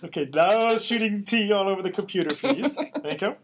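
A man co-hosting a podcast, trading bawdy jokes and quick asides in casual banter. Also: sits high, animated. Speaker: podcast co-host.

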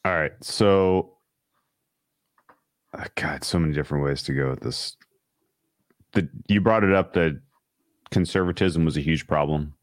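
A man's voice: very deep voice, a little slow, pauses often, no room sound. A man hosting a sports talk show, breaking down a football game in an analytical, opinionated way, with frequent restarts. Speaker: sports podcast host. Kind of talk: casual sports analysis chat.

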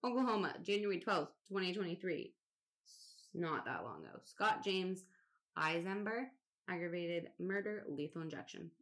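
A woman's voice: lowish voice, animated, unhurried, fairly bright tone. A woman co-hosting a casual podcast, reading a long list aloud, swearing now and then and laughing at odd names. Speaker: podcast co-host.

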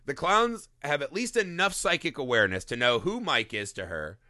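A man with a bright, sharp voice that swings up and down as he jokes through a crude movie breakdown. He sounds a little high for a man, with a dry, close sound and no room echo. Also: normal speed. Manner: animated, profane, joking, acts out lines. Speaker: podcast co-host. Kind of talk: crude comedic movie discussion.

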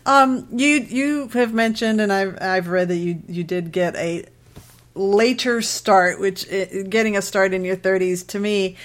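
A woman's voice: mid-range voice, fairly even intonation, a little slow. Laughing woman podcast host. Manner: laughs often, asks questions. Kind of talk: casual interview chat.

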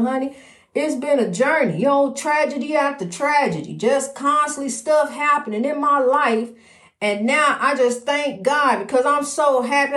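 A high-pitched woman talks about her faith in a slow, preachy, repetitive way, often calling the listener "honey". Her lines sometimes lift into a sing-song lilt. The sound bounces around an echoey room. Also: fairly bright tone. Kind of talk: faith-filled personal monologue.

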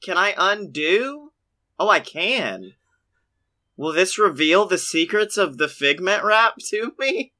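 A man co-hosting a casual theme park podcast, excitable and quick to laugh, ranting with rising energy. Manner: excitable, laughs often, rants with rising pitch. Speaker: podcast co-host. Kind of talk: casual chat.

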